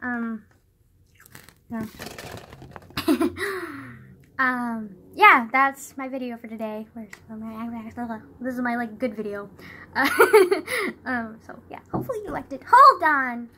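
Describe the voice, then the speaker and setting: A woman's voice: a little high, animated, takes it slowly, long pauses, bright, forceful tone, slight background noise. A young woman vlogging from her bedroom into a phone camera, chatting in a loose, rambling way, filling nearly every phrase with "like" and laughing often. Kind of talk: casual rambling chat to camera.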